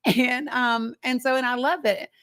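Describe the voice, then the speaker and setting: A woman's voice: high-pitched, fairly even intonation, measured pace, a bit bright. Chatty woman telling a story to her viewers. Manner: chatty, conversational, addresses the audience directly. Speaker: livestream host. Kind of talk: casual storytelling to a live chat.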